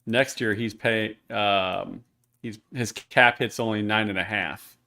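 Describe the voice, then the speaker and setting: A man's voice: fairly low pitch, steady tone, slow pace, creaky, pushed and bright. A man co-hosting a podcast in casual chat, joking and speeding up when he gets going. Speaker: podcast co-host.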